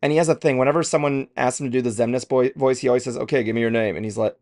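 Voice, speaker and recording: A man with a gravelly, creaky voice chats casually as a co-host of a trailer reaction show. He rambles from point to point, pokes fun at himself, and swears freely along the way. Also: medium pitch, racing, a little mellow. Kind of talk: casual chat.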